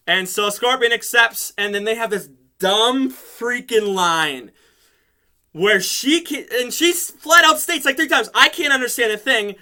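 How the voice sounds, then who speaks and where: A man casually recapping a TV episode in an excitable, rambling way, laughing often and using lots of fillers. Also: high-pitched, moderate pace. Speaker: show reviewer.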